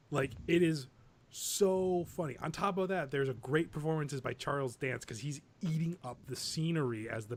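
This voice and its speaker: A male podcast co-host with a highish, creaky voice chats casually, talking eagerly. He's enthusiastic and laughs as he retells movie scenes.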